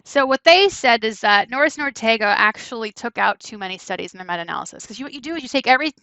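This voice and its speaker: Bright-toned woman lecturing casually. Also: fairly high pitch, quick pace, no echo, low-quality recording. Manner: conversational, frequent "right?" checks, animated asides. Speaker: university lecturer. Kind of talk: classroom lecture.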